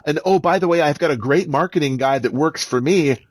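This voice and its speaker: A man's voice: fairly high pitch, brisk, dry recording. A man who is an author and voice actor, telling stories emphatically as a podcast interview guest.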